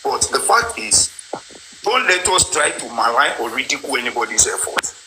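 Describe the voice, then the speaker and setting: Insistent man, lively pitch, repeats himself, noisy call audio. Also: normal speed. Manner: insistent, repeats himself, talks over others. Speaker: live-stream participant. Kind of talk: heated online group discussion.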